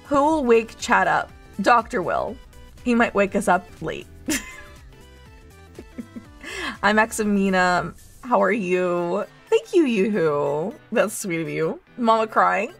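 A woman's voice: mid-range voice, lively intonation, slow pace, gravelly, a bit bright, soft background music. A woman streamer hosting a cozy barista role-play, reading chat aloud in a teasing, playfully motherly way. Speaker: VTuber streamer, host.

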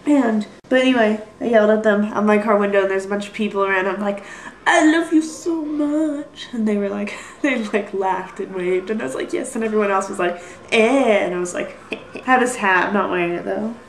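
A woman's voice: medium pitch, fairly even intonation, brisk, echoey room, slight background noise, poor audio. A young woman rambling through a casual vlog, apologizing often and putting herself down. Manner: rambling, apologetic, self-deprecating. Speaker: vlogger. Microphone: built-in computer mic.

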